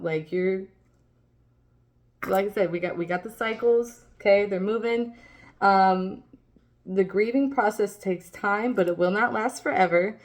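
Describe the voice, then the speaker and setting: A woman giving a casual tarot reading, swearing freely as she rambles and reassures the listener. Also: mid-range voice. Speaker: tarot reader.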